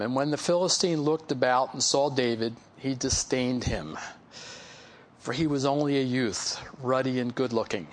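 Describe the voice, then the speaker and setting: A male pastor giving a casual, story-filled sermon, teaching from a Bible passage with folksy asides and chuckles. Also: mid-range voice. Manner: conversational, folksy, laughs at own stories. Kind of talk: sermon with personal stories.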